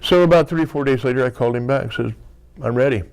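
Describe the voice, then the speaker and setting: A man's voice: mid-range voice, fast talker, creaky, a little mellow. A man in his sixties, an interview guest, telling a long anecdote in a loose, rambling way, peppered with "you know" and acted-out bits of dialogue. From United States. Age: 60s. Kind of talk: casual storytelling interview.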